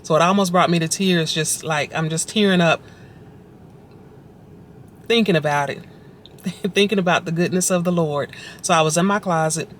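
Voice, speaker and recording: A woman's voice: fairly low pitch, normal speed, long pauses, a little hiss or hum. A woman vlogger telling her personal faith story in a conversational, reflective way, often repeating phrases for emphasis. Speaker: vlogger sharing her testimony.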